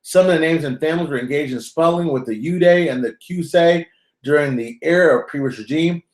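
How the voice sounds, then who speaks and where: A man hosting a live call-in stream talks in a loose, rambling, joking way. His voice sits a little high for a man and rings in a roomy space. His casual chat jumps between reading news items and bantering with callers. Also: brisk. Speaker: host of a live call-in currency show. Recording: roomy echo.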